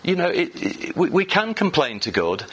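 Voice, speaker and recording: A man's voice: on the high side, huge pitch swings, moderate pace, a bit bright, low-quality recording. A man preaching a sermon in church, reading scripture and talking to the congregation in a loose, conversational way with fillers and restarts.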